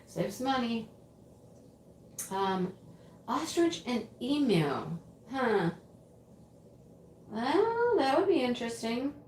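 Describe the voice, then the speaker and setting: A woman's voice: a little high, big pitch swings, takes it slowly, pauses often, a little mellow. A woman hosting a casual livestream, chatting and answering viewers' comments as she reads them. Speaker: livestream host. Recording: roomy home recording with faint ambient noise.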